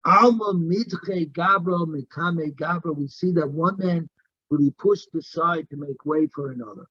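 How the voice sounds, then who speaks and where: A man's voice: fairly high pitch, a little slow, bright, forceful tone, slightly rough, no echo, lo-fi sound. A man teaching a daily Talmud class, reading Aramaic text in a singsong and explaining it in English. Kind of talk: Talmud lesson, reading and translating.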